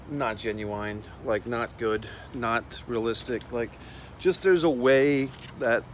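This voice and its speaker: A man's voice: mid-range voice, slight background noise, rough recording. A middle-aged man hosting a casual, profane rant while walking outdoors. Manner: blunt, profane, rambling. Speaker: host.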